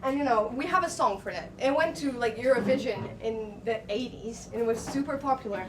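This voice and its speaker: A young Portuguese woman performs stand-up on a small club stage in English, her second language. Her voice sits high and is picked up from a distance over heavy room noise. She talks casually and profanely, full of fillers and little laughs. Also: brisk. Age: young adult. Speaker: stand-up comedian. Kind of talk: stand-up comedy set.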